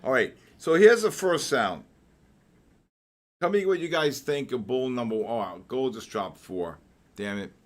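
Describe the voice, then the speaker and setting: A man hosting a live trading stream, excitable and joking as he calls out market moves to his viewers. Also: mid-range voice, unhurried. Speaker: host of a live trading session.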